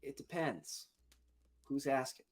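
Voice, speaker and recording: A man's voice: mid-range voice, lively intonation, voice pushed up. A man voicing a sneering male goblin bandit who speaks in a raised, mocking tone. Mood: menacing. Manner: mocking, drawn-out.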